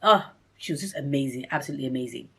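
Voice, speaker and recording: A woman vlogging a personal story in a chatty, rambling way, acting out what people said with big jumps in pitch. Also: rapid-fire, creaky, breathy edge. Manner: animated, acts out reported speech with big pitch jumps; chatty, rambling, many fillers and restarts.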